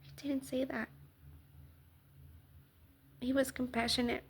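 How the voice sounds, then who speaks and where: A woman giving a casual faith talk to the camera, swinging from loud exclamations to soft near-whispers. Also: high voice, flat delivery, slow pace, slightly rough. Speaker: Christian vlogger.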